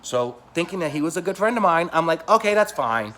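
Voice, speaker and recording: A man vlogging a personal story to the camera, talking in an emotional, rambling way that grows heated and loud. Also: fairly high pitch, animated, fast, slight background noise.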